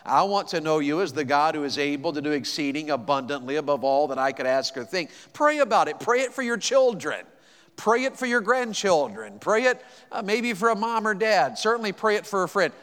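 Folksy evangelist guy preaching, kinda high voice, long echo of a big church. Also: moderate pace. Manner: folksy, animated, rising to excited exclamations. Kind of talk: storytelling sermon. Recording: long hall reverb.

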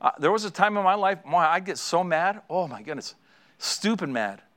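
A man's voice: sits high, expressive, moderate pace, fairly bright tone. A middle-aged man preaching a sermon as a pastor, earnest and exhorting, driving points home with repeated phrases.

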